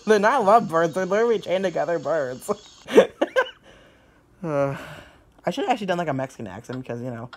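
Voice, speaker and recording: A young man giving casual let's-play commentary, excitable, laughing a lot and swearing. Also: a little high, fairly quick, pauses often, a little hiss or hum. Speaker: gaming YouTuber.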